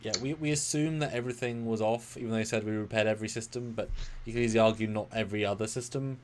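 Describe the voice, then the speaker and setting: Background noise accompanies this man, whose low-leaning voice is very fast with fairly even intonation. As co-host of a live review show, he talks casually in rambling, analytical bursts that at times pick up speed.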